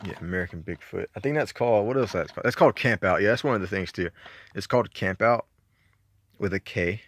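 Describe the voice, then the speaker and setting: Low-voiced Southern man rambling about movies. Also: quick pace, no echo. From Georgia, US. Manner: rambling, laid-back, profane, laughs often. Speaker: movie collector reviewing his collection. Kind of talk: casual chat.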